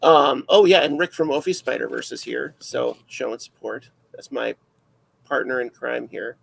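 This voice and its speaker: Raspy gravelly guy hosting a chill livestream, rambly, lots of ums. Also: mid-range voice, steady tone, moderate pace, poor audio. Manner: rambling, self-deprecating, filler-heavy. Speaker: livestream host. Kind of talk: casual livestream chat.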